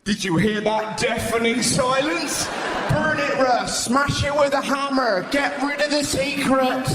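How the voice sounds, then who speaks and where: Male stand-up, high-pitched, animated, live venue with loud ambience. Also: a little slow, echoey room, very noisy. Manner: animated, acts out voices, shouts punchlines. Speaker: stand-up comedian. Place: large live venue stage.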